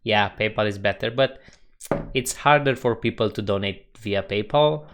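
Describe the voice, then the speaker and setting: A man chatting casually on a live coding stream, reading viewer comments aloud with a relaxed manner and frequent chuckles. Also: on the low side, moderate pace, a little hiss or hum. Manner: relaxed, chuckles often, reads chat aloud.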